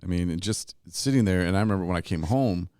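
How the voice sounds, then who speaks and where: A man with a very low voice hosts a casual podcast chat, telling animated stories and laughing along the way. The sound is dry and close, with no room around him. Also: fast, smooth, no room sound. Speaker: podcast host. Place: recovery retreat.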